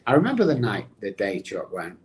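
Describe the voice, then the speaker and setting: A middle-aged man, a podcast guest and addiction recovery expert, telling his own story in an animated way and addressing the host by name. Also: lowish voice, fairly quick. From England.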